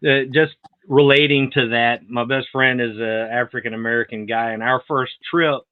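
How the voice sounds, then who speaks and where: A man's voice: mid-range voice, steady tone, moderate pace, clear, resonant tone, dry recording. Southern man telling stories over a phone-like line. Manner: easygoing anecdotal storyteller. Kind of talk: casual chat, storytelling.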